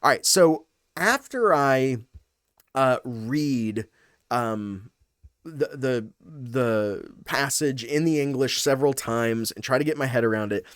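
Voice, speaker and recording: A man's voice: medium pitch, lively intonation, slow, fairly bright tone, no room sound, clean studio sound. A man in his thirties, a pastor, walking through a passage in a casual teaching style, thinking aloud with many fillers and restarts.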